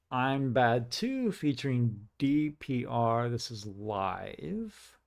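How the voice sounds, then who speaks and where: Slow-talking man reacting to music. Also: medium pitch, creaky. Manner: musing, excitable, says "like" often. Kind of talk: casual music reaction commentary.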